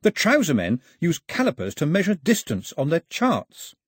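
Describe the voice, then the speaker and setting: A cheerful, clueless young islander chirps his questions in a storybook, his voice lifted high and eager, as a male narrator puts him on. The husky edge stays, recorded close and dry. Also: wildly swooping pitch, normal speed, dry recording, exaggerated voice. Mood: chatty.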